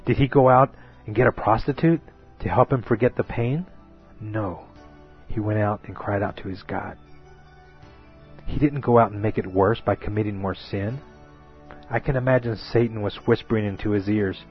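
A man preaching a sermon, often calling his listeners "folks" and building to emphatic peaks. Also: lowish voice. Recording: dull lo-fi recording with faint music.

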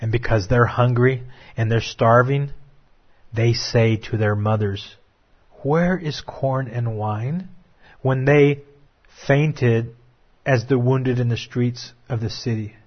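A man delivers a dramatic sermon in a husky voice, dropping to hushed, drawn-out lines before rising to urgent appeals. The recording is dull and lo-fi. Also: mid-range voice. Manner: dramatic preaching, swings from hushed to raised. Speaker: preacher.

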